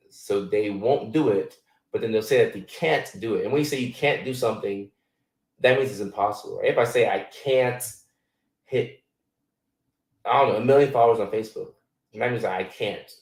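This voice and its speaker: A man's voice: fairly low pitch, gravelly, roomy sound, recorded from a distance, rough recording. A man in his thirties, born in Ghana, hosting a casual live chat and answering viewer questions in a loose, filler-heavy way. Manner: loose and conversational, many fillers.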